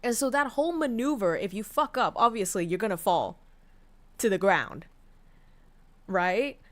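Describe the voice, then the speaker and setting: A woman's voice: medium pitch, animated, moderate pace. A woman streamer telling a story in casual chat, candid and profane, with many fillers and restarts. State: tearful, voice breaking. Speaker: VTuber streamer.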